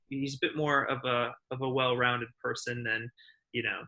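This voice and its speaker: Bright-voiced man searching for words. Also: medium pitch, fairly even intonation, moderate pace, highs cut off. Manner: hesitant, searching for words, many restarts. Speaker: guest. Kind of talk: casual conversation.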